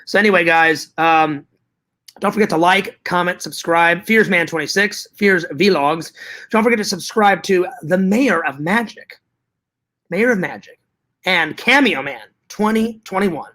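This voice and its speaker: A man's voice: high voice, a little slow, sharp tone. Man, vlogger, casual chat, hyper, rambling, playfully foul-mouthed. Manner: hyper, rambling, jokingly profane.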